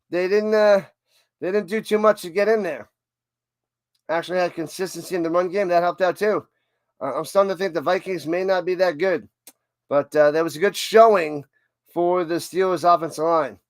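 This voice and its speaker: A man with a fairly high voice rambles through casual football chat on a live stream, often stopping and restarting his sentences. The sound is dry and close, with no room around it. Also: no room sound. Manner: rambling, self-interrupting, chatty. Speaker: livestream host.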